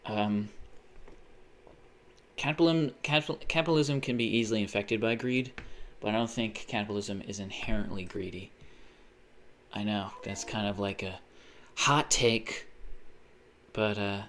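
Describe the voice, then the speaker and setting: A young man chatting casually on a live stream. He rambles, swears often and bursts into sudden excited exclamations. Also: on the low side, normal speed, long pauses, slight background noise. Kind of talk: casual livestream chat.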